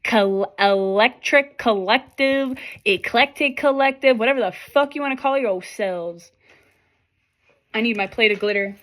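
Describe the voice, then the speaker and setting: Animated woman giving a swearing tarot reading. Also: on the high side, measured pace. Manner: animated, swearing freely, talks straight to viewers. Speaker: tarot reader. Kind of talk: casual tarot reading to camera.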